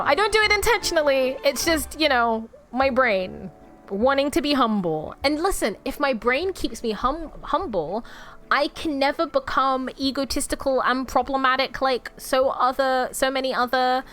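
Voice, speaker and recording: A young woman chatting on a live stream with a high, bright-sitting voice that swoops all over the place. She talks in an animated, self-deprecating way and keeps laughing at herself between thoughts. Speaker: VTuber streamer. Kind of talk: casual stream chat.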